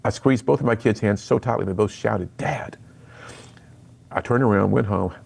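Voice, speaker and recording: A middle-aged man, a guest on a radio interview, telling his personal story in an earnest, animated way and acting out the lines he quotes. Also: fairly low pitch, a little fast, gravelly. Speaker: radio guest, speaker to students.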